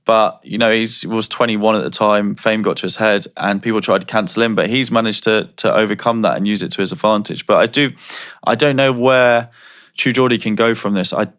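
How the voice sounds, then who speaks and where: A man's voice: on the low side, fairly even intonation, fairly quick, fairly bright tone. A man co-hosting a podcast, chatting thoughtfully and asking questions. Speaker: podcast co-host. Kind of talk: casual podcast chat.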